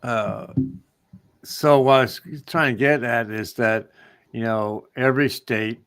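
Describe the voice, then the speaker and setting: A man's voice: medium pitch, slow, fairly bright tone, smooth, no echo. Rambling man co-hosting a chat show. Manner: rambling, meandering talk. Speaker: co-host. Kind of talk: casual chat.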